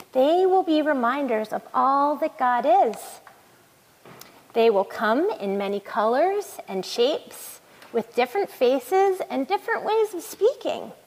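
A woman puts on a wise, gentle old turtle for a storybook reading. The voice sits high and swings widely, each line slow and earnest. A long reverb trails behind it. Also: exaggerated voice.

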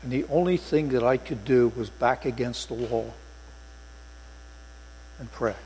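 An older man preaches a sermon in a church sanctuary, telling his story earnestly and pressing hard on key words. His voice sits at an ordinary pitch and rings out with a long hall reverb. A faint mains hum runs underneath. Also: normal speed, mellow. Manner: earnest storytelling, rising to emphatic stresses. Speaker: preacher, former police sergeant.

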